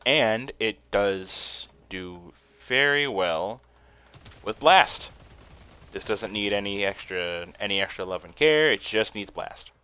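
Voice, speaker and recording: Excitable young man commenting on gameplay. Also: fairly low pitch, smooth, no echo. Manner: excitable, laughs often, swears casually. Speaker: gaming streamer.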